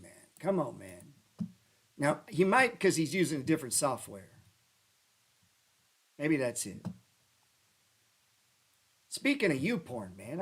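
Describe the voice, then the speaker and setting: Rambling, profane man, higher-pitched voice. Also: slightly rough. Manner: rambling, profane, swings into loud rants. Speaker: stock trading show host. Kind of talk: casual livestream chat over stock charts. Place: lives in New Orleans.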